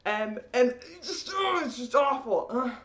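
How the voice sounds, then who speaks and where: A young woman with a high, lively voice rants in an exasperated, animated way and laughs often. The sound is slightly dull, and the room around her is echoey. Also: unhurried. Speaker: vlogger. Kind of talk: ranting vlog.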